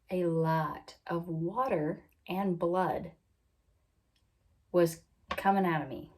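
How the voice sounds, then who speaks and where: A woman's voice: fairly low pitch, a little mellow. A young adult woman vlogger telling a personal story in a candid, rambling way with many fillers and restarts.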